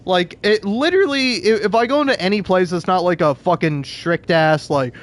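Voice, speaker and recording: A man's voice: high voice, moderate pace, few pauses. A young adult man ranting casually while gaming, profane and rambling, laughing often and restarting his sentences. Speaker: gaming video creator. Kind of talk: casual rant while playing a game.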